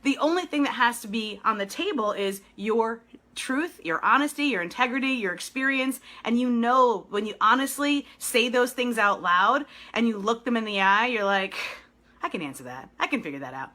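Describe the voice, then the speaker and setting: Bright, animated woman business coach. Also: on the high side. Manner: animated and encouraging, with quick laughs. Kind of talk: live video coaching talk.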